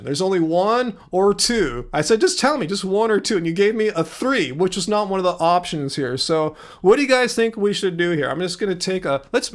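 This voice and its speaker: Male livestream host with a higher voice, blunt and exasperated toward trolls. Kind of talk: casual livestream chat.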